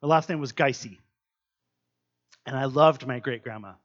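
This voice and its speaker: A man's voice: mid-range voice, normal speed, muffled recording. A man leading a casual devotional Bible teaching, chatty and earnest with lots of fillers.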